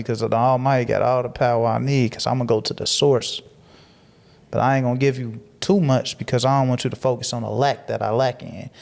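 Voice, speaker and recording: A man's voice: medium pitch, gravelly, darkish tone. Preachy, motivational man. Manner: preachy and motivational, repeats phrases for emphasis. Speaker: guest. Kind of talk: casual podcast interview.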